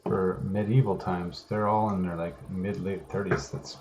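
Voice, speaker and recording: A man's voice: low-pitched, fairly even intonation, moderate pace, background noise. A man casually talking through a game he is playing, muttering and swearing to himself. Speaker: gamer. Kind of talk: casual gameplay commentary.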